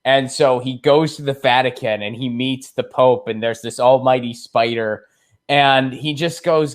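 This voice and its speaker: A man talking as a political analyst guest in casual commentary, an animated storyteller who slips into mocking impressions. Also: mid-range voice, unhurried.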